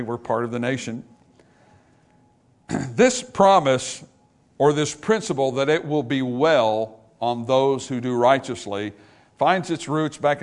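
A man preaching a sermon as pastor, moving from steady Bible teaching to loud, emphatic repetition with questions to the congregation. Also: medium pitch.

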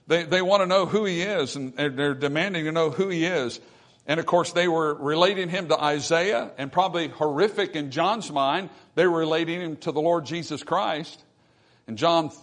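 A preaching man, fairly high pitch. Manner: rising to emphatic, forceful peaks; reads scripture aloud slowly. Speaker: pastor. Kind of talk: sermon. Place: church.

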